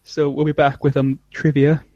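A man's voice: fairly high pitch, flat delivery, normal speed, warm tone, no room sound, muffled recording. A man co-hosting a casual chat, rambling and often trailing off mid-thought. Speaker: podcast co-host. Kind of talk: casual chat reviewing an episode.

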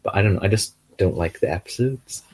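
A man co-hosting a casual chat about an episode, pausing to search for words. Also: fairly low pitch, a little mellow, slightly rough. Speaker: podcast co-host.

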